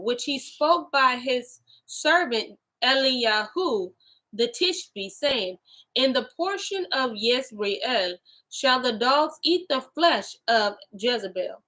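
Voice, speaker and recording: Woman, fairly high voice, slow careful reading, restarts, slangy asides. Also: bright, forceful tone, rough recording. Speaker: host reading scripture aloud. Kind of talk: casual Bible study reading and chat.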